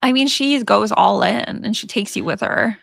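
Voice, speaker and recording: Bright, lively woman with gravelly fry. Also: medium pitch, moderate pace, dry recording, clean studio sound. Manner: lively, slangy, emphatic. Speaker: podcast co-host. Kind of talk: casual movie chat.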